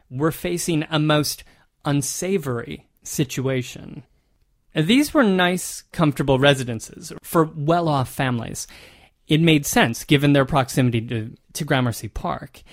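A man co-hosting a history podcast, telling a ghost story conversationally and reading old newspaper quotes aloud. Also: fairly high pitch. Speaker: podcast co-host.

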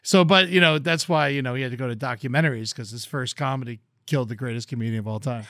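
A man's voice: mid-range voice, fast, a bit bright, dry recording. A man co-hosting a podcast, telling rambling stories in casual chat. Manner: rambling, meandering storyteller. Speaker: podcast co-host.

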